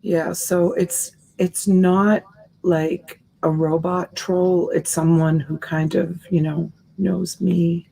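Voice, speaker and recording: A woman's voice: on the low side, level tone, slow, vocal fry, warm tone, slightly rough. A woman hosting a live selling stream, chatting casually and answering viewer comments by name in a sympathetic way. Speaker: live-stream seller and host.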